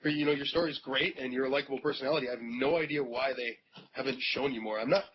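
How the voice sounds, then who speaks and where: A man's voice: mid-range voice, fairly even intonation, fast. A man from North Dakota answering interview questions in a dry, self-deprecating way. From North Dakota, USA. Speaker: interview guest. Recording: muffled, with noticeable background noise.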